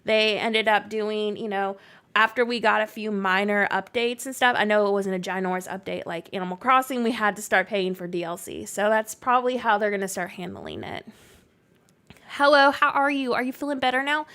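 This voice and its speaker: A woman's voice: medium pitch, animated, moderate pace, sharp tone. Chatty woman with a Canadian-Southern accent. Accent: mixed Canadian and Southern US. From near Canada. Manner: chatty, reads chat aloud, frequent likes and laughs. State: recovering from illness. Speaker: streamer. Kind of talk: casual chat while gaming. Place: home.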